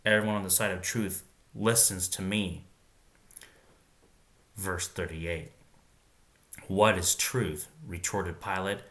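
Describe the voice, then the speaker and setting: A man with a deep voice reads a Bible passage and keeps pausing to wonder aloud about it. His tone is bright and forceful, and he moves between steady reading and loose, musing commentary. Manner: reads scripture aloud, then pauses to muse and wonder aloud.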